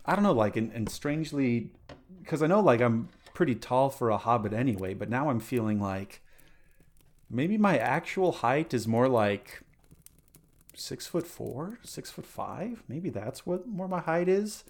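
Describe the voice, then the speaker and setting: A man co-hosting a comedy podcast, halting and easygoing in casual chat. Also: medium pitch, lively intonation. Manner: halting, full of fillers and restarts. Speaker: podcast co-host.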